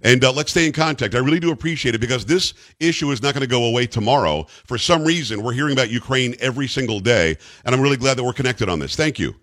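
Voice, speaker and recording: A man hosting talk radio at a middle pitch, leaning on points and repeating them for emphasis. His voice sits close and dry, with no room sound around it. He trades easy banter between segments. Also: fast talker, hardly any pauses, a bit bright, no echo. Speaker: radio talk show host.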